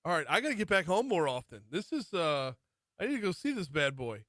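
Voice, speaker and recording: A man in his forties from Louisiana hosts a radio talk show, and his voice sits a little on the higher side. He interviews his guest in an easygoing, chatty way. His studio sound is close and dry. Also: very animated, a little fast, fairly bright tone, no room sound. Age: 40s. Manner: easygoing and chatty, laughs easily.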